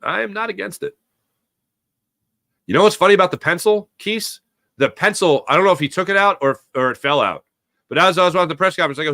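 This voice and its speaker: Opinionated sports talk host, bright voice. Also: male voice, high-pitched, no echo, studio quality. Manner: opinionated, animated, quick asides to chatters. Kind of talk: live-stream sports talk, reading viewer chat.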